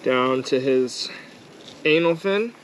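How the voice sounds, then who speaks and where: A man's voice: mid-range voice, expressive, takes it slowly, a little hiss or hum, low-quality recording. Plain-voiced man explaining as he works. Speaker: vlogger. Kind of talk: casual how-to narration.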